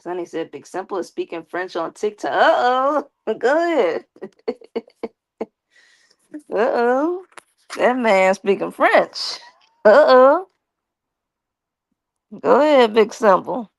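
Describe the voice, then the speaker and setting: Slow gravelly woman hosting a live chat. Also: mid-range voice, very animated, no echo. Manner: playful and teasing, laughs often. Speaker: live-stream host. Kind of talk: casual live-stream chat reading comments aloud.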